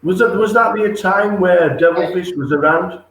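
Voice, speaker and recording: A man's voice: high voice, moderate pace, fairly bright tone, roomy sound, a little hiss or hum, poor audio. A man hosting a casual interview, eager and reactive, laughing along with his guest. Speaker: interview host.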